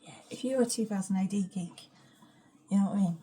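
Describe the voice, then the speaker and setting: A woman's voice: medium pitch, fairly quick, dark tone, slight background noise. A woman chatting frankly at home in her kitchen, rambling and swearing and often dropping to a whisper. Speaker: vlogger. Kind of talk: rambling casual vlog chat.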